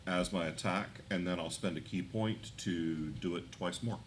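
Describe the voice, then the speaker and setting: A man playing a tabletop game live, stating his moves in a measured way. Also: sits low. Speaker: player. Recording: live event with faint room noise.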